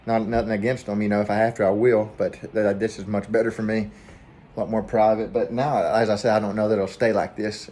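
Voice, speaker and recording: A man with a Southern US accent, talking quietly and rambling in a casual vlog from a hotel room. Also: on the low side, a little hiss or hum. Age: adult, family man with kids. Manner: rambling, hushed so neighbors won't hear. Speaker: vlogger, trucking trainee.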